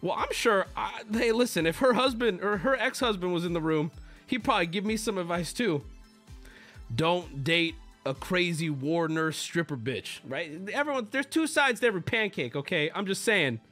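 Lively high-voiced male streamer. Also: moderate pace, soft background music. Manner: animated storytelling, swearing and teasing chat. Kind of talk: casual live-stream chat.

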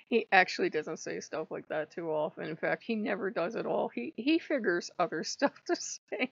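A woman hosting her own channel in casual vlog chat, rambling and laughing often, with a creaky voice on a dull lo-fi recording. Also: lowish voice, expressive, normal speed, hardly any pauses, no echo. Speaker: channel host. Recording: dull lo-fi sound.

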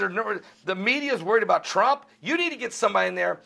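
A man giving fervent religious commentary in a vlog, emphatic and exhorting, often climbing into loud outbursts. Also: sits high, animated, quick pace, gravelly, hardly any pauses.

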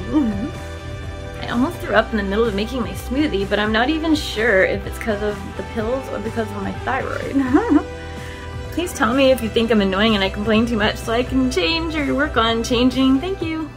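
A woman with a fairly high voice talks casually to the camera at home, moving between rooms. She laughs often and pokes fun at herself as she chats. Faint music plays underneath. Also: expressive, normal speed. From Canada. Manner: chatty and self-deprecating, laughs often. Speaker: vlogger. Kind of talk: casual vlog chat to camera.

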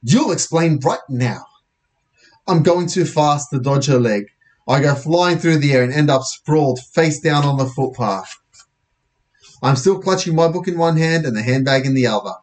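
A man's voice: mid-range voice, normal speed. A man narrating a comic first-person audiobook in a casual, wry manner, sometimes correcting himself.

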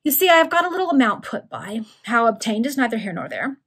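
A woman voicing a gruff, growling male villain in an informal read-aloud among friends. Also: a little high, sing-song, quick pace, fairly bright tone, full character voice. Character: gruff menacing male villain, body-snatcher.

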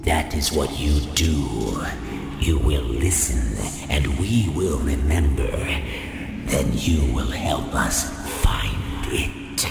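A man voicing the Gray Man, a hissing, menacing demon in an audiobook, speaking slow, drawn-out threats. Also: rumbling low, exaggerated voice. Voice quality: hissing, gravelly. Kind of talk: audiobook drama. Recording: echoey with loud music.

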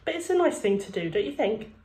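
A woman voicing a kind female school counselor who speaks calmly and reassuringly. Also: a little high, fast, roomy sound. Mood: gentle. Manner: calm, reassuring.

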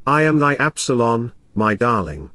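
A man's voice: mid-range voice, sing-song, moderate pace, pushed and bright, dry recording, studio quality. A man reading the part of a foolish, lovesick young parish clerk, pleading with flowery endearments. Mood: wooing.

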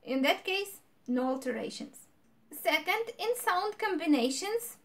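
A woman's voice: very high voice, lively intonation, a little slow, a bit bright. A woman giving a grammar lesson, explaining patiently and repeating example words. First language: Ukrainian. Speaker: language teacher.

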